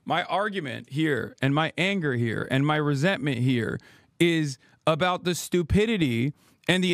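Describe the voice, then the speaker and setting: Man in his 30s, heated profane streamer rant, higher-pitched voice, dry close mic. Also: dry recording. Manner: angry, profane, sarcastic. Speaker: political streamer.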